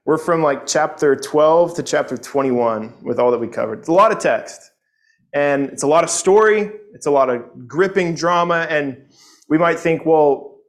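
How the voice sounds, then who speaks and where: A man's voice: a little high, moderate pace. A man teaching a Sunday morning Bible lesson, earnest and conversational, often repeating words as he goes.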